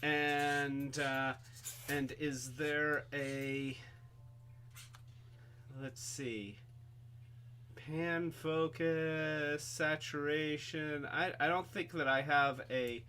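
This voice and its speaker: Slow, bright-voiced man hosting a toy stream. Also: fairly high pitch, steady tone, slight background noise. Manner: rambling, halting, many restarts and fillers; refers to himself in the third person. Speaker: toy live stream host. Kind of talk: casual live-stream chat. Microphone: webcam.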